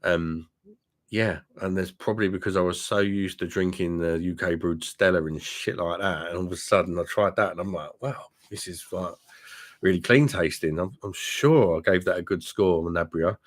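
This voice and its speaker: A man's voice: deep voice, fairly even intonation, normal speed. A middle-aged man with a blunt, joking manner, chatting casually with viewers on a live stream and calling them mate. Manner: blunt, laughing, swears freely, addresses viewers as mate. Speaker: beer reviewer and live-stream host. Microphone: webcam mic.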